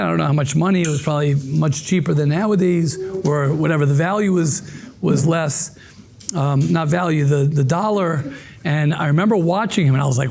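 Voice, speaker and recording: High-voiced earnest rabbi in a roomy hall. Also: male voice. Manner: earnest, repetitive, rhetorical questions, frequent restarts. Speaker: rabbi teaching a Torah class. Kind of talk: live Torah lecture to an audience. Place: room with a seated audience. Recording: roomy echo with faint background noise.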